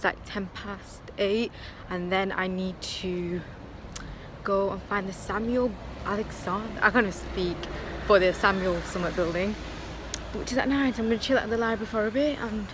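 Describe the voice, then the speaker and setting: Chatty young woman vlogging. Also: medium pitch. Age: young adult. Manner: chatty, rambling, says "literally" a lot. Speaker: student vlogger. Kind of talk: casual vlog chat on the go. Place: bus stops, street and home. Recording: noisy outdoor phone audio.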